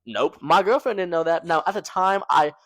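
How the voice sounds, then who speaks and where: Young male storytelling vlogger, animated slangy delivery, dry close sound. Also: on the high side, normal speed, no echo. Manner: slangy, animated, fillers like "man" and "right?". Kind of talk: casual storytelling to camera.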